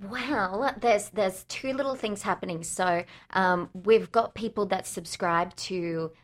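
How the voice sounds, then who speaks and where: A woman in a relaxed interview, talking eagerly about her dance group. She fills her sentences with casual fillers, and her voice sits at an ordinary middle pitch. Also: slow. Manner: enthusiastic and chatty, many fillers like "like" and "um". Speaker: tap dance troupe leader, guest.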